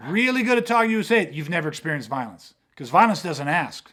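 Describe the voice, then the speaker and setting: Male podcast host with a high-pitched voice, emphatic and profane, acts out dialogue. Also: sing-song, brisk, fairly bright tone. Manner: emphatic, swearing, acts out quoted exchanges. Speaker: self-defense podcast host. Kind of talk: casual podcast talk. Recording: podcast mic.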